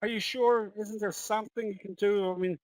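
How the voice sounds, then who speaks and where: Man doing a high pleading distraught lady. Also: animated, takes it slowly, a bit bright, dry recording, low-quality recording. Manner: high pleading falsetto-ish voice. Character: distraught middle-aged woman pleading over her pet bird.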